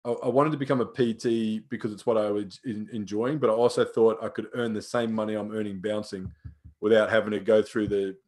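A man's voice: on the low side, flat delivery, a little fast, darkish tone. A young man, a personal trainer, telling stories in casual chat, swearing freely and acting out the lines of people he quotes.

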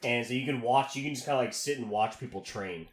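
A man's voice: mid-range voice, quick pace, echoey room. A man from Texas, a podcast host telling travel stories in casual, rambling chat full of "like". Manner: rambling storyteller, filler-heavy.

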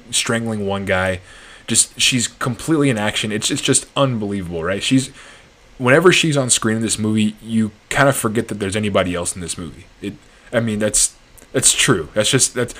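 A man's voice: fairly low pitch, a bit bright. A young man casually reviewing a movie as a podcast host, rambling and restarting his sentences, laughing easily.

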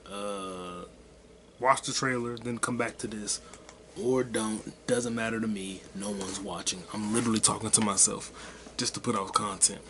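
A man's voice: lowish voice, steady tone, moderate pace, background noise. A man hosting his own podcast alone, rambling casually with lots of swearing and offhand self-deprecating jokes. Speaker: podcast host. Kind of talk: casual solo podcast rant.

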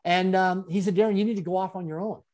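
A man, an interview guest and speaker, telling his story in an animated way with frequent chuckles. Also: high-pitched, quick pace. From Canada.

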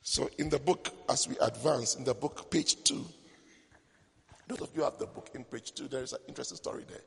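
A man's voice: mid-range voice, brisk, vocal fry, slightly rough. A male preacher telling a story in a sermon, with joking asides to the congregation, at a church service with a long hall reverb.

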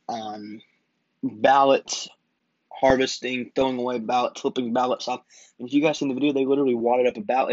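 A young man hosts his own show, arguing with indignation and peppering his case with rhetorical questions. His voice sits at an ordinary middle pitch. The audio is dry and dull, with a lo-fi edge. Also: dry recording. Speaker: podcast host. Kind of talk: political opinion monologue.

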